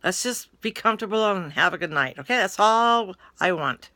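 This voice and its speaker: A woman's voice: mid-range voice, lively intonation, normal speed, bright, forceful tone, no echo, voice pushed up. A woman voicing a charming male detective on a date, reassuring and eager to please.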